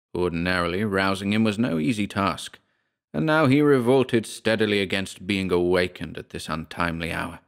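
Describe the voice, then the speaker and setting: Man narrating a horror audiobook, low-voiced. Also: gravelly. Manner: slow, dramatic, hushed in dark passages.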